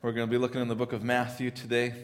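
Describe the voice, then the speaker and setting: A man preaching a sermon in a church, with a voice of ordinary pitch. He talks conversationally, often stumbling over and repeating words. At times he rises into loud, pleading strings of questions. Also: monotone, rapid-fire, big-room sound. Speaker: pastor.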